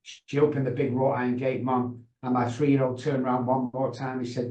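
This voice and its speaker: A man's voice: mid-range voice, flat delivery, moderate pace, warm tone, dull audio. A middle-aged man, a guest on a video call, telling his story with passion and emphasis. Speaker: guest, addiction consultant. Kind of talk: emotional storytelling. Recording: roomy echo.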